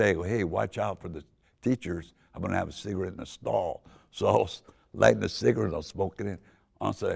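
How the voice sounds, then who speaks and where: An older man from Southern California, with a deep voice, casually telling a rambling personal story full of restarts. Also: a little mellow. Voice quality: deep gravelly voice. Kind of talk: casual spoken memoir.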